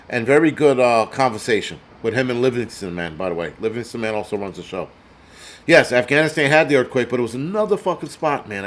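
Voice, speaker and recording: A man hosting a prepper show, ranting in crude, sarcastic live-stream commentary and reading out donor names. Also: medium pitch. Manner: reads donor names aloud. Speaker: prepper channel host.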